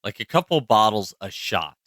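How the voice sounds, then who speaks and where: A man's voice: lowish voice, big pitch swings, moderate pace, a bit bright, no room sound, studio quality. A man co-hosting a podcast in casual chat, rambling and profane with lots of fillers. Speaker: podcast co-host.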